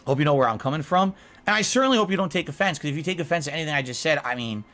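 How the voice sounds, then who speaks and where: A man's voice: fairly high pitch, animated, very fast, fairly bright tone. A man streaming live, giving an earnest, lecturing monologue to his chat to justify himself.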